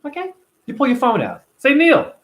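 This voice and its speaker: A man with a notably high-pitched voice delivers a casual vlog monologue. He talks emphatically and with animation, and swears freely along the way. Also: expressive, measured pace, fairly bright tone. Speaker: vlogger.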